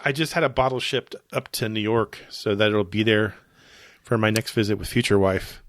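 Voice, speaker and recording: A man's voice: lowish voice, moderate pace, a bit bright, no echo, clean studio sound. Slightly wheezy man, joking podcast co-host. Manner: playful, joking banter. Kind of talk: casual chat.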